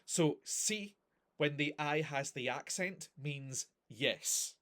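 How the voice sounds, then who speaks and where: A man's voice: a little high, takes it slowly, bright, forceful tone. A man teaching a recorded grammar lesson, explaining patiently with examples and checking understanding often. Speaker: language teacher.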